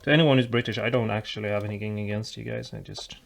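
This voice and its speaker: Gravelly man narrating a guitar build. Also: on the low side, fairly even intonation, quick pace, a little hiss or hum. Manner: thinks aloud with fillers and restarts. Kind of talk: casual workshop narration.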